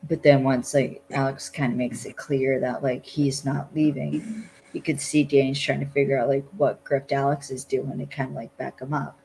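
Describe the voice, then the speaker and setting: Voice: mid-range voice, level tone, moderate pace, creaky, darkish tone, slight background noise, low-quality recording. A podcast co-host in casual chat, retelling things loosely with many "like" fillers.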